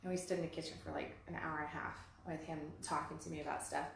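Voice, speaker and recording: A middle-aged woman co-hosting a casual talk about relationships, telling animated stories and acting out the people she quotes. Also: deep voice, fast, vocal fry. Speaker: podcast co-host. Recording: very echoey room, faint background noise.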